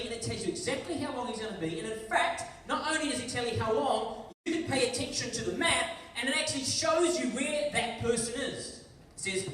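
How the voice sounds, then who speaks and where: In a big school hall, a guest speaker with a New Zealand accent delivers a chatty worship talk, playing out small scenes in voices. His extremely high voice is very animated, a bit bright, and a little fast, picked up from far off with echo and slight background noise.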